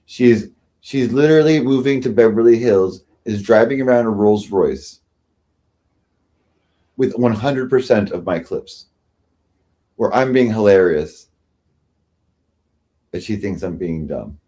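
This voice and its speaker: Unhurried and mellow, with a fairly low pitch and long pauses, a man rants on his livestream. The rambling talk is sarcastic and self-pitying, with regular jabs at other people.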